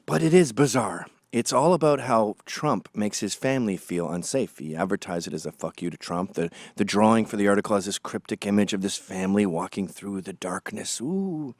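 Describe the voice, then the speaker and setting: A man delivers a combative, sarcastic monologue, and his voice swings widely up and down in pitch. The recording is dry and close, with no room sound at all. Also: animated, a little fast, few pauses, darkish tone, no room sound. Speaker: political commentator. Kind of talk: opinionated monologue.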